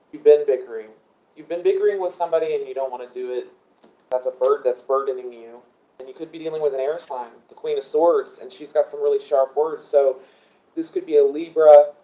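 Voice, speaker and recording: Halting man giving a tarot reading. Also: fairly high pitch, dark tone, rough recording. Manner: thinks aloud, halting with many ums; asks angels for guidance mid-reading. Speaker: tarot reader.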